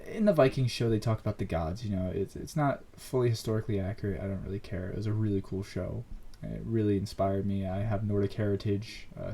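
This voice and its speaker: A man hosting his own podcast, telling a personal story in a casual, earnest and animated way, full of fillers. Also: on the low side, a little hiss or hum. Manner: earnest, animated, many fillers like "like" and "you know". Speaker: podcast host.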